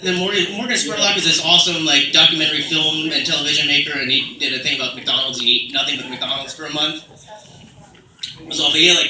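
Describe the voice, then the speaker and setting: A man's voice: on the high side, sharp tone, a little hiss or hum. A man doing a rambling stand-up comedy set, full of fillers and asides. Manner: rambling, many fillers, slips into put-on British accents. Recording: roomy sound from a distant mic, faint ambience.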